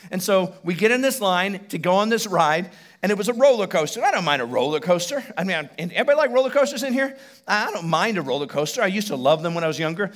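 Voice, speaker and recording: Animated man preaching a sermon. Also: sits high, fast. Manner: animated storytelling, swings from loud to hushed. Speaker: pastor. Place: church stage before a congregation.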